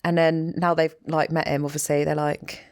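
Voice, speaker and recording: A woman's voice: deep voice, flat delivery, normal speed, darkish tone. A woman co-hosting a podcast in a casual chat, blunt and teasing. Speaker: podcast co-host.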